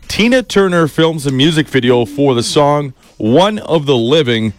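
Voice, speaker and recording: A man's voice: on the high side, lively intonation, moderate pace. A man hosting a radio segment, reading history items and chatting with a co-host, laughing easily.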